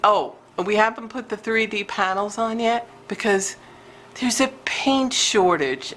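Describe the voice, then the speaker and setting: Chatty woman vlogger telling a story. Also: a little hiss or hum. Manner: animated, scolding her cat in high bursts, laughing between lines. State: out of breath. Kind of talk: casual chatty storytelling to camera.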